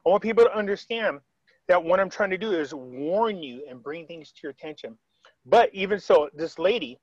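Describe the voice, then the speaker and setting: A man's voice: high-pitched, no echo, lo-fi sound. Rambling storyteller man on a call. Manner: rambling, retells quotes, frequent restarts. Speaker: interviewee. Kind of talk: casual video-call storytelling.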